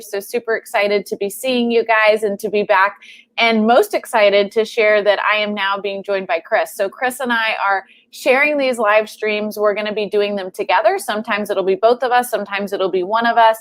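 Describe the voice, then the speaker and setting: A woman's voice: medium pitch, steady tone, moderate pace. Upbeat woman hosting a live stream. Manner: upbeat, chatty announcements. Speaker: host and clinician.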